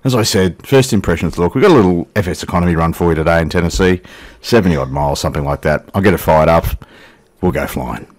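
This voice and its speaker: A man's voice: low-pitched, fast talker. A middle-aged man giving casual, jokey, rambling commentary as he plays a flight simulator. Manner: rambling, jokey and irreverent, talks to passengers and viewers. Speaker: flight sim video host.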